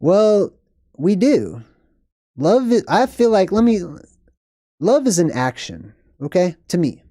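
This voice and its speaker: A man's voice: high-pitched, big pitch swings, takes it slowly, long pauses, mellow, no room sound, studio quality. A young man hosting a live stream, chatting casually and rambling as he reads out viewer comments. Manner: rambling, chatty, laughs at himself.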